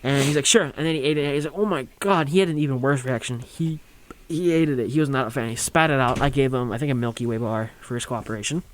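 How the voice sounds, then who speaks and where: A man's voice: mid-range voice, quick pace, hardly any pauses. A young man telling a rambling, funny story on a college radio show, acting out quotes and laughing along.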